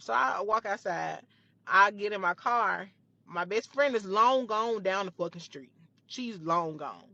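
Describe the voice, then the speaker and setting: A young woman recounts a story from her own life in a bright, forceful voice. She talks emphatically, swears freely and circles back over the same phrases. The recording is dry and a little dull. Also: medium pitch, no echo. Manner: emphatic, profane, repeats phrases. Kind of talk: storytime retelling.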